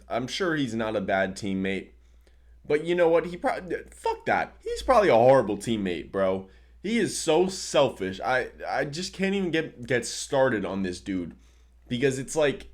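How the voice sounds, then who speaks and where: A man ranting casually about his team, exasperated and swearing, dropping "bro" often. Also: medium pitch. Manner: exasperated, profane, says "bro" a lot. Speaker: sports vlogger. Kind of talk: casual sports rant.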